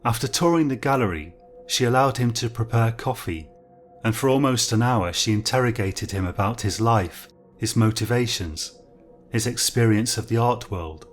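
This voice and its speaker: A man narrating a horror story in a measured, grave, scripted way. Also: medium pitch, lively intonation, faint music behind.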